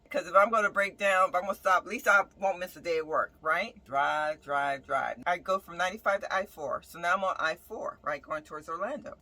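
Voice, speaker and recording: A woman, a nurse who lives in her bus, telling a casual storytime about a breakdown with animated, emphatic delivery and frequent "right?" asides. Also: on the low side, rough recording. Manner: dramatic swings between loud outbursts and quiet mutters. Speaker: nurse and bus-dwelling vlogger.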